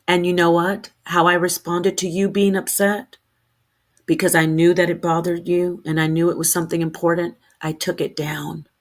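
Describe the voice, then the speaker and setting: A woman streamer talking straight to camera in an unscripted rant, heated and defensive, rambling and restarting her sentences. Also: fairly low pitch.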